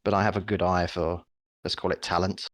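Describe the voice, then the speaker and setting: A man's voice: low-pitched, little pitch movement, fairly quick, fairly bright tone, dry recording, studio quality. A man voicing a polite, genteel male recruiter who speaks formally and calls her miss. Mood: persuasive.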